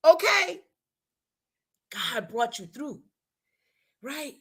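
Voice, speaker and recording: A woman's voice: high voice, sing-song, measured pace, fairly bright tone. A woman co-hosting a women's talk show, giving a preacherly motivational talk with speech, repeating her lines and acting out how people talk.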